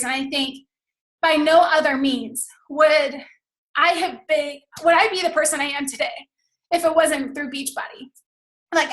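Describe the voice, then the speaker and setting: Woman coach, upbeat pep talk over a video call, high bright voice, echoey room. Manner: enthusiastic, fillers of "like", addresses listeners as "you guys". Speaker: team coach on a training call. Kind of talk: motivational talk.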